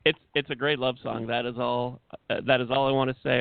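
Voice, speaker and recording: A man's voice: medium pitch, level tone, a little fast, creaky, hardly any pauses, clear, resonant tone, no room sound. A man co-hosting a casual radio talk show, easygoing with dry humor and hesitant ums. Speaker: co-host. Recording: dry, tinny phone line.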